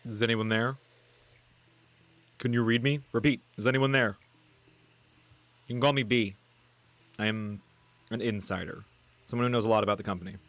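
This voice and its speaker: A man's voice: lowish voice, steady tone, moderate pace, long pauses, fairly bright tone, no echo, pitched below the performer's own voice. A man voicing a secretive male corporate insider who calls in briefly, asking probing questions in a guarded, terse way. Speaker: game character read aloud.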